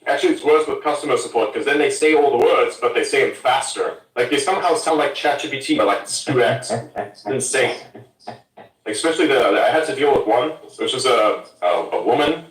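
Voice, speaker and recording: A man's voice: mid-range voice, fairly quick. A man from Germany ranting bluntly and swearing in a casual podcast chat. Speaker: podcast host. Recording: roomy sound from a distance.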